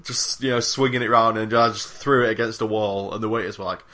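A man's voice: lowish voice, steady tone, fast, pushed and bright. A young man on a gaming podcast, rambling through a casual chat with lots of fillers. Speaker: podcast co-host.

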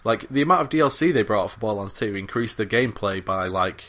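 Man, low voice, casual podcast chat, rambling, lots of ums. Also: animated, quick pace, fairly bright tone. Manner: rambling, many fillers and restarts. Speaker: podcast co-host. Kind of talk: casual chat about games.

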